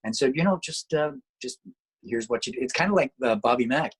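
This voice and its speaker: A man with a husky, slightly rough voice at an ordinary pitch talks casually as an interview guest. He rambles, restarts and fills pauses as he tells his stories over a video call. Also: expressive, poor audio. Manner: rambling, with many restarts and fillers. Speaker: guest musician and internet radio DJ.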